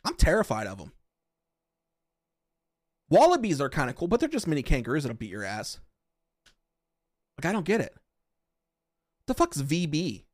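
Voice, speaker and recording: A man from Western Pennsylvania hosting a podcast, chatting casually with his viewers in loud, profane, excitable rants. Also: a little high, moderate pace, pauses often, dry recording, studio quality. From Western Pennsylvania, USA. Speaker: podcast host. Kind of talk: casual chat with live chat.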